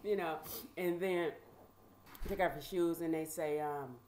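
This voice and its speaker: A woman vlogger casually telling a personal story, animated and conversational with lots of fillers. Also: low-pitched, unhurried, a little hiss or hum.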